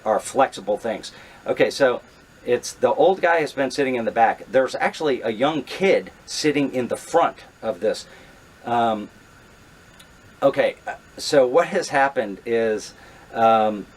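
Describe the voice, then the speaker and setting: Here a middle-aged man shares a real-life story on camera, his voice sitting in the mid range. Animated throughout, he voices his past thoughts aloud, peppering his telling with fillers and false starts.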